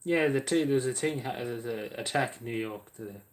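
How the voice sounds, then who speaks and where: A mid-range voice belongs to an Irish-accented man casually talking to his live-stream audience. He speaks in a stop-start, rambling way with many fillers and repeated apologies.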